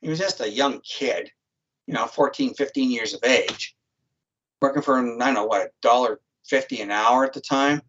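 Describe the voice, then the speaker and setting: This talk show guest, a psychic criminal profiler, speaks in a mid-range, a-bit-bright voice at a moderate pace. His storytelling is casual, vivid, blunt and profane, and the stream recording sounds dull and lo-fi.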